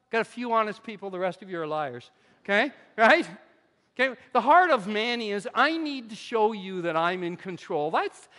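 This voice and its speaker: A man with a high voice delivers a lively, conversational sermon, punching some phrases loudly and dropping others to near-murmurs. The sound carries a long reverb, as if from a church sanctuary. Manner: animated, conversational preaching with sudden drops to quiet asides. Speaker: pastor.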